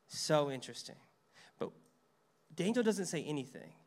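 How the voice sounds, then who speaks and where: Pastor, male, fairly high voice, conversational sermon with acted-out quotes. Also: animated, normal speed, long pauses. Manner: conversational preaching, reads scripture aloud, acts out quotes.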